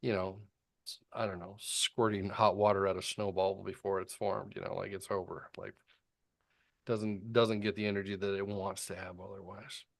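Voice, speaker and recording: A middle-aged man with a fairly low voice, talking through a long story in a relaxed podcast chat. He rambles, restarts and fills pauses with ums and uhs, and he swears bluntly and casually. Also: vocal fry. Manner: rambling storytelling with frequent fillers. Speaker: podcast co-host.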